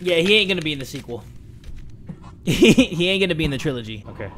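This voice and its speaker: Young man, horror game let's play, high lively voice, jumpy and joking, hushed then yelling. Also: quick pace, background noise. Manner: excitable, jokey, swings between hushed and shouting. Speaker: gaming commentator.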